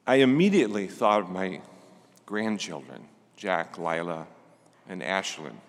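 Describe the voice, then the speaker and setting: An older man delivering a gentle, reflective Sunday sermon as a preacher. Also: low voice, lively intonation, a little slow, big-room sound.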